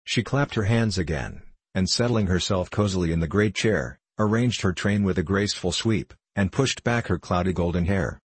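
A man narrating a storybook in a measured, even way. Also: low-pitched, breathy edge, dry recording. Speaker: audiobook narrator. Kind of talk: scripted narration.

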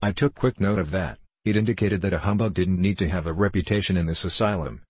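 A man's voice: sits low, fast, darkish tone, husky, no room sound. A man narrating an audiobook in the first person, with a wry storytelling manner.

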